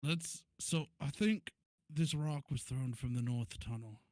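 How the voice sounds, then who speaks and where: A man's voice: mid-range voice, unhurried, a little mellow, no room sound, clean studio sound. A man playing a tabletop role-playing game and talking in a plain, joking way. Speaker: player. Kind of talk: casual tabletop play.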